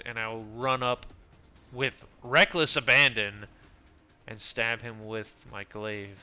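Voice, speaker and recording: A man playing a tabletop game who gets excitable and shouts in bursts, slipping in and out of his character. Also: medium pitch, slow pace. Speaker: player. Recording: dull lo-fi sound with faint background music.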